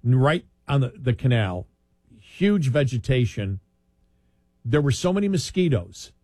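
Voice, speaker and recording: A man's voice: medium pitch, sing-song, measured pace, dark tone, no echo. A man hosting a casual chat, telling long, rambling stories and laughing often.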